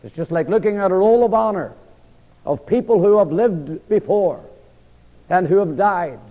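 A man's voice: high voice, moderate pace. A man teaching a Bible study as a sermon. He poses questions to his listeners, answers them himself, and repeats key phrases with a falling, emphatic finish. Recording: lo-fi recording with long hall reverb.

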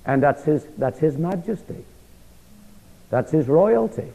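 A man preaching a sermon with emphatic delivery, rhetorical questions and sweeping swings in pitch, recorded in a church hall. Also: animated, measured pace, vocal fry, warm tone. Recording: dull lo-fi sound with long hall reverb.

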